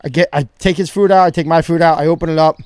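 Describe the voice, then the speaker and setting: A man's voice: fairly high pitch, fairly even intonation, quick pace, darkish tone, no room sound. A man co-hosting a podcast, telling a story in a casual, profane way and acting out the dialogue. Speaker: podcast co-host.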